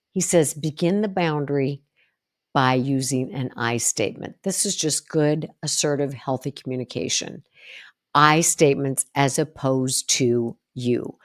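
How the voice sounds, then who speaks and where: A woman's voice: low-pitched, a little slow. A woman psychologist hosting a solo educational podcast, talking bluntly and emphatically and acting out sample phrases. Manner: blunt, down-to-earth.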